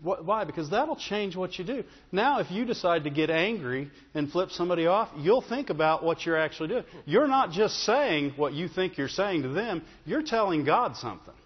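Conversational pastor in a reverberant church. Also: male voice, high voice, expressive, moderate pace, hardly any pauses, husky. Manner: conversational, repeats "Amen?" and "Right?". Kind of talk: sermon. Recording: dull, with long hall reverb.

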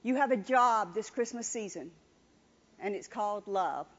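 A woman's voice: medium pitch, lively intonation, a little slow. A woman preaching a sermon with emphatic repetition, calling on the congregation to answer. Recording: dull lo-fi recording.

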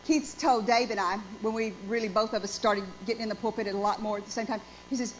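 A woman in her forties preaches a sermon in a church with a high voice, emphatic and full of questions thrown to the congregation. The recording is dull and lo-fi, with faint noise underneath. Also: steady tone, fast talker, few pauses. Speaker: pastor.

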